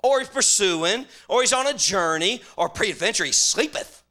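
A man voicing a hairy old male prophet who mocks and shouts taunts at a crowd. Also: sits high, expressive, normal speed. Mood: mocking.

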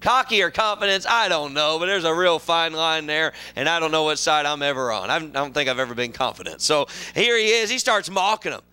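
High, bright-voiced preacher. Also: male voice, lively intonation, brisk, hardly any pauses, smooth. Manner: folksy storytelling, swings from loud exclamations to low asides. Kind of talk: sermon.

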